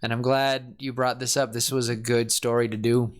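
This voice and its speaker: A man co-hosting a podcast in casual chat, talking in an excited, rambling, gushing way. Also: medium pitch, normal speed, clean tone. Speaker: podcast co-host.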